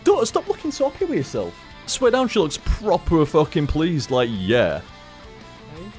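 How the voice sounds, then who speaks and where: A man's voice: fairly high pitch, wildly swooping pitch, moderate pace, a little mellow, soft background music. A man, a streamer rambling casually after a stream and swearing constantly. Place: home room.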